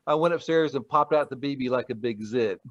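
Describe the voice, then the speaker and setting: A man's voice: mid-range voice, brisk, dry recording. A man casually telling a childhood mishap in a wry way. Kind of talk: casual storytelling. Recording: muffled dry audio.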